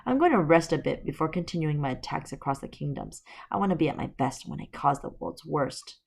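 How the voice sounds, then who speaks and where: A woman reading aloud as a bitter enchantress villain from a storybook, making grand threats with mocking pride. The voice sits low and carries a gravelly edge. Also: animated, fairly quick, full character voice. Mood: smug.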